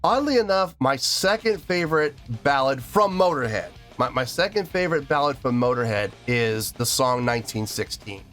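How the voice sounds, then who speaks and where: A male music reaction host with a mid-range, fairly bright voice talks casually. Teary and choked up, he goes on earnestly, rambling and repeating himself.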